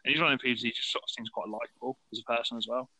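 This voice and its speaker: A man's voice: mid-range voice, racing, dry recording, poor audio. A man co-hosting a football podcast, chatting casually and acting out quotes in a raised voice. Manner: animated storyteller, acts out quotes in raised voice. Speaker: podcast co-host.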